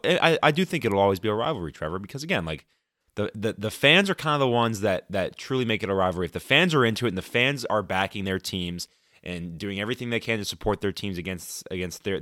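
A man's voice: deep voice, fairly bright tone, no echo, studio quality. A man co-hosting casual sports talk, rambling and repeating words as he thinks. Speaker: sports podcast co-host.

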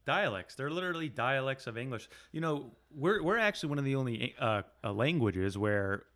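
Male co-host, rapid-fire delivery, casual podcast chat, quick interjections. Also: mid-range voice, expressive, a bit bright. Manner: fast-talking, quick interjections.

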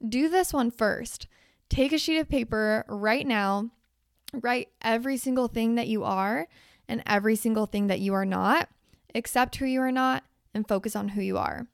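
A young woman with a raspy, hoarse voice hosts a casual motivational podcast, pushing her points with blunt emphasis and the odd swear. Her slightly high voice crackles with vocal fry. The sound is dry and close, with no room around it. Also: no room sound. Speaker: podcast host.

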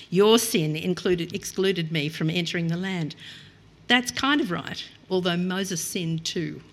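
A woman's voice: fairly low pitch, a bit bright, slightly rough. A middle-aged woman preaching a reflective, earnest sermon and reading scripture aloud.

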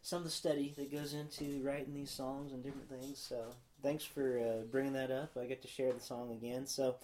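A man's voice: medium pitch, flat delivery, brisk, a little mellow, slight background noise. A man hosting a podcast, talking earnestly and reflectively about a worship song, often trailing off mid-thought. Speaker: podcast host. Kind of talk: casual chat with worship singing. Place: podcast studio.

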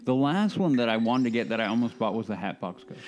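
A man co-hosting a podcast, reading out news items in casual chat, halting and restarting as he gripes. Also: medium pitch, expressive, darkish tone, slight background noise.

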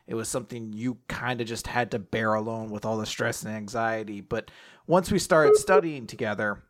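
A man's voice: lowish voice, moderate pace, noisy background. A young man hosting a podcast, casually and chattily recapping a comic chapter. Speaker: podcast host.

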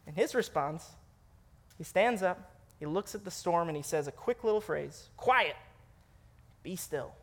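A young man preaching a sermon, animated and self-deprecating as he tells stories. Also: a little high, normal speed. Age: young adult. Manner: animated storytelling, laughs at himself.

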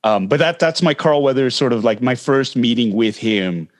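A man's voice: mid-range voice, moderate pace. Canadian man telling a story. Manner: animated anecdote-telling with acted-out quotes. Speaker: guest actor. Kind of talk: casual storytelling on a podcast.

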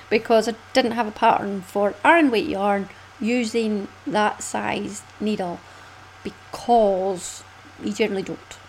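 A Scottish woman hosting a casual knitting podcast, chatty and quick to laugh, often swooping up in pitch. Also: slight background noise, rough recording. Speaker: podcast host.

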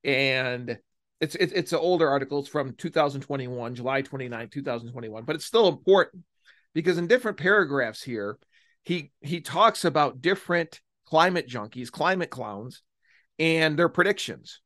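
A man hosts his own podcast, his voice sitting a little high for a man. He talks in a mocking, emphatic way and stretches out the words he wants to land. The sound is dry and close, with no room around it. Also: animated, normal speed, fairly bright tone, no room sound. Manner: mocking, emphatic, drags out key phrases. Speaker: podcast host. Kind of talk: solo political podcast commentary.

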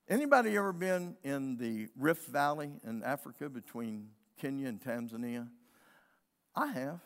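A man's voice: fairly high pitch, a bit bright. A man preaching a sermon as pastor, telling stories and calling on his congregation for amens. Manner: storytelling preacher, calls for amens. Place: church sanctuary. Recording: long reverb of a church hall.

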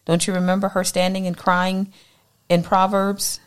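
A woman leading a morning Bible study, teaching with animated energy and acting out voices in her quotes. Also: mid-range voice, normal speed, smooth.

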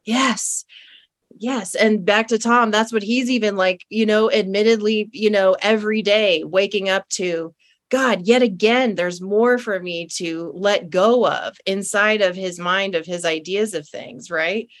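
A woman's voice: medium pitch, steady tone, unhurried, no room sound, studio quality. A woman hosting a casual conversation, enthusiastic and affirming, leaning on "right?" and "you know". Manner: enthusiastic and affirming, with many fillers.

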